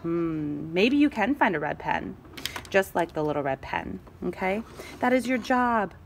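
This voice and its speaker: A woman teacher reading a picture book aloud to her class, expressive, with gasps and dramatic pauses. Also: on the low side, gravelly, slight background noise.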